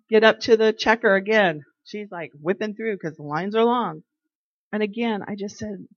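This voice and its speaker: A devotional speaker gives a casual, chatty faith talk, sharing everyday stories and acting out what people said. Her voice is mid-range at a moderate pace, in a dry, slightly dull recording.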